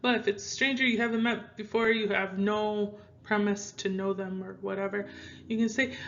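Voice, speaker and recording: A woman's voice: mid-range voice, steady tone, normal speed, a bit bright, muffled recording, slight background noise. A young woman from Minnesota with a Midwestern American accent, teaching Spanish phrases in a casual, rambling way with many fillers. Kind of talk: casual language lesson.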